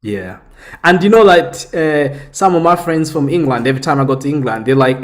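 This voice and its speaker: A man's voice: fairly high pitch, fairly quick. A young man from the Democratic Republic of the Congo, a comic book creator, telling stories in a casual interview with lots of restarts and fillers. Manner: storytelling, animated, frequent restarts and fillers.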